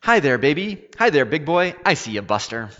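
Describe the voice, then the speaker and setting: A man voicing a ragged old male drunk who shouts gleefully at a baby, in a dull lo-fi recording with a long reverb. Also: fairly high pitch, sing-song, normal speed, voice pushed up. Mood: cooing.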